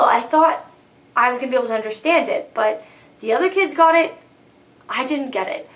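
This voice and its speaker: A young woman with a high, bright voice rambles through a personal vlog story. She talks in a chatty, filler-heavy way and keeps slipping into quoted versions of her own anxious thoughts. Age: young adult. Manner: chatty, lots of "like" fillers, acts out her own inner panic. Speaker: university freshman vlogger.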